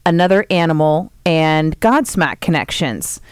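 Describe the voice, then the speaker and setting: A woman hosting a radio interview in a studio, bubbly and quick to laugh. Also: low-pitched, lively intonation, clear, resonant tone. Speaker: radio DJ, host.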